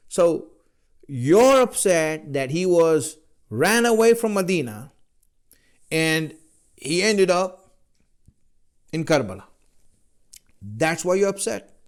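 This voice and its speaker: A man delivers a religious lecture in a slightly high voice. He speaks slowly and emphatically. He keeps pressing his listeners with rhetorical questions. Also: smooth. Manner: rhetorical questions, role-plays the listener's replies.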